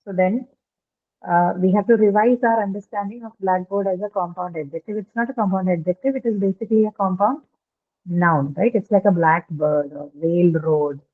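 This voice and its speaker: Over tinny, phone-like call audio, a woman teaches English online at a moderate pace. She explains things patiently in a medium-pitched voice, regularly asking "right?" to check understanding.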